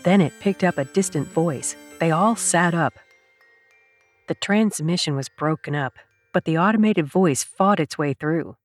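Woman reading an audiobook, low voice, steady storytelling. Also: measured pace, soft background music. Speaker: narrator. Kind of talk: audiobook narration.

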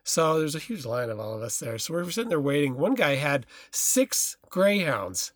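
A man co-hosting a podcast, telling a casual anecdote in an animated way. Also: fairly high pitch, moderate pace, no echo, clean studio sound. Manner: animated storyteller, imitates barking. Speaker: podcast co-host. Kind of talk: casual storytelling chat.

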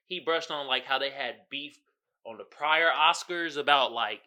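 A young man hosting a podcast, riffing in heavy slang, jumping between low mutters and loud outbursts and quoting others as he goes. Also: expressive, moderate pace. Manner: heavy slang and fillers, quotes others in character. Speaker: podcast host. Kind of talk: casual commentary.

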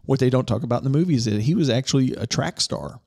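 A man's voice: medium pitch, fast, vocal fry, a little mellow, slightly rough. A man co-hosting a casual movie podcast, retelling a story at length with lots of "you know" and restarts. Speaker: podcast co-host.

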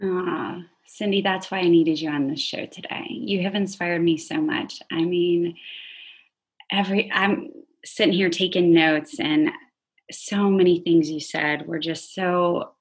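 Low, breathy-voiced woman host. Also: fairly even intonation, unhurried. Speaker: podcast host. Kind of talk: casual chat.

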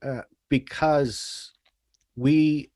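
A man telling stories in a casual podcast chat, animated and earnest. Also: on the high side, very slow, no room sound.

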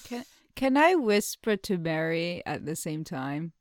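A woman playing in a tabletop game, asking quick, practical questions. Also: lowish voice, sing-song, dry recording, clean studio sound. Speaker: player.

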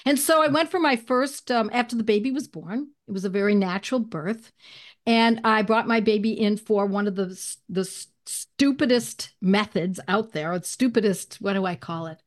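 A woman guest in an interview, telling a personal story in an animated way and clearing her throat now and then. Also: medium pitch, normal speed. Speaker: guest, homeopathy educator.

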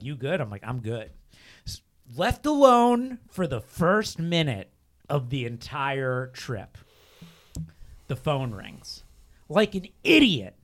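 A young man with a bright, somewhat high voice tells a long, rambling story in casual chat. He piles on fillers and restarts, and he laughs as he talks. He gives it lots of lively energy. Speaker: storyteller guest.

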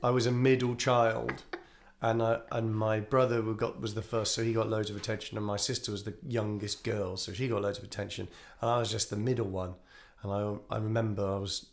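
A man's voice: fairly low pitch, little pitch movement, brisk, vocal fry. A man, hosting a casual podcast chat from an empty shop, jokey and rambling. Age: 40s. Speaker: podcast host.

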